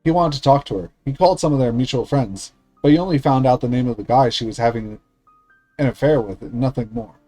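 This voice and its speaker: A man streamer reading a visual novel aloud in a steady, earnest way with small slips. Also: medium pitch, fast, no room sound, faint music behind, low-quality recording.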